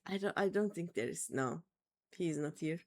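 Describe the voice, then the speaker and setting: A woman's voice: on the low side, lively intonation, moderate pace, darkish tone. Chatty, tired woman streamer. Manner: chatty, rambling with fillers. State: tired, yawning. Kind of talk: casual game-stream commentary. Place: at home.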